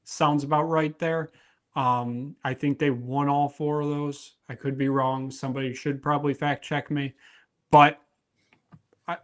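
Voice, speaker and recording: A man's voice: mid-range voice, level tone, a little slow. A young man hosting a casual sports betting show, chatty and tripping over his words. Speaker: host.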